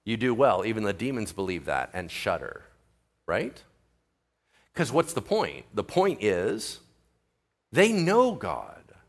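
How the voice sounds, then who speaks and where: A male pastor giving a conversational sermon, animated and talking straight to his listeners. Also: on the low side, takes it slowly, pauses often. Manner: animated, conversational preaching with asides to the audience.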